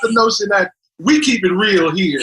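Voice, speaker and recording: A man's voice: high voice, expressive, normal speed, a bit bright, poor audio. A man hosting a podcast interview, reacting with enthusiasm. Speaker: podcast host.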